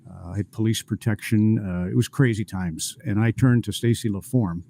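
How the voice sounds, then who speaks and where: A middle-aged man, moderating a panel and telling relaxed anecdotes with many filler uhs. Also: on the low side, moderate pace, gravelly, a little hiss or hum. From Canada. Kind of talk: casual storytelling.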